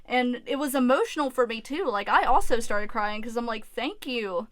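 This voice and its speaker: A young woman talks straight to camera in a candid storytime vlog, emotional and open, with frequent restarts and casual swearing. Her voice sits a little high, and the sound is dry and close. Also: animated, fairly quick, no echo. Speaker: YouTuber.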